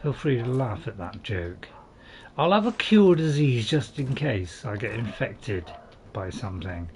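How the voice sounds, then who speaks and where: A man hosts a gaming channel, offering gameplay commentary that's chatty and self-deprecating, full of dry jokes, fillers, restarts and hesitation. His mid-range voice swings widely in pitch and sounds a little mellow as he talks unhurriedly. There's slight background noise.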